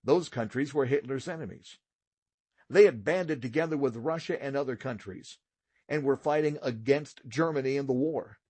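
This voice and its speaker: A man narrating a children's audiobook, with steady, expressive read-aloud storytelling. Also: mid-range voice, normal speed, no echo. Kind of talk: scripted narration.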